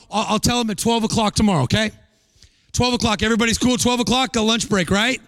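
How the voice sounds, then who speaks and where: A middle-aged man preaching a guest sermon with energy, in a sing-song cadence and shouted peaks. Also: high-pitched, fairly even intonation, fast talker, no echo.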